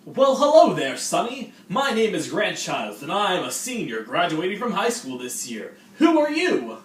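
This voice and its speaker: A young man playing a pompous know-it-all high school senior, loud and patronizing. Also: wildly swooping pitch, moderate pace. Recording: roomy, distant mic, faint noise.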